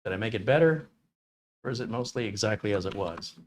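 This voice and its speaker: Low-voiced man hosting a tech livestream. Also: lively intonation, fairly quick, slight background noise. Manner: chatty, rambling, thinks aloud. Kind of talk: casual livestream chat reading viewer comments.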